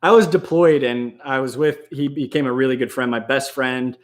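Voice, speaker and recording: A man's voice: medium pitch, fairly even intonation, moderate pace. A man hosting a casual aquarium live stream, rambling and laughing a lot, sometimes slipping into goofy voices.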